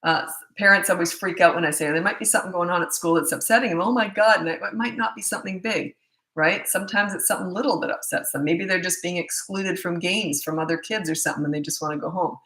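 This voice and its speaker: Middle-aged female parenting coach, blunt and chatty, bright edge to the voice, roomy sound. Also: fairly low pitch, quick pace. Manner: chatty, blunt, self-deprecating asides. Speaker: parenting coach answering viewer questions. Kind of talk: casual live Q&A.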